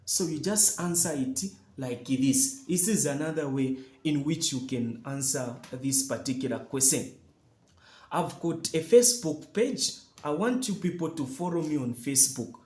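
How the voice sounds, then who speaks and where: A man's voice: fairly high pitch, darkish tone, echoey room. A man tutoring chemistry, walking through a worked problem, repeating himself for emphasis and asking viewers if they have seen. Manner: repetitive, emphatic, addresses viewers directly. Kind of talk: chemistry lesson walkthrough.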